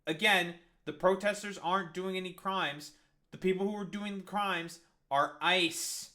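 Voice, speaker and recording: Profane ranting male commentator, high-pitched. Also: fairly even intonation, a little slow, bright, forceful tone. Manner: profane, sarcastic, heated. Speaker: political commentary streamer.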